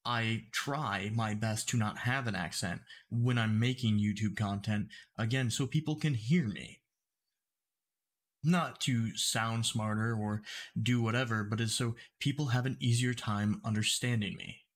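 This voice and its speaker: Man explaining carefully in commentary. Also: mid-range voice. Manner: explanatory, deliberately clear speech. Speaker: YouTube commentator.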